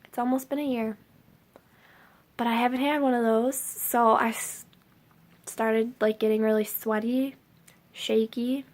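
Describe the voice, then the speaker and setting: A woman's voice: on the high side, steady tone, a little slow, pauses often, darkish tone. A young woman vlogging to camera, rambling casually with lots of filler words.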